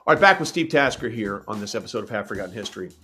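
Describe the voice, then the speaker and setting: A man's voice: lowish voice, lively intonation, very fast, sharp tone, faint music behind. A middle-aged man hosting a podcast, asking questions and encouraging his guest in a casual, conversational way. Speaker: podcast host.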